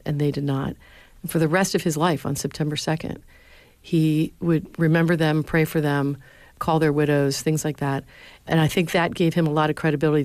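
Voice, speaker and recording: A low-pitched middle-aged woman tells stories earnestly in an interview. She recorded in a dry, close setting. Her voice lifts when she quotes other people. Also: darkish tone, no echo. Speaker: former speechwriter, university lecturer. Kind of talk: interview answers, storytelling.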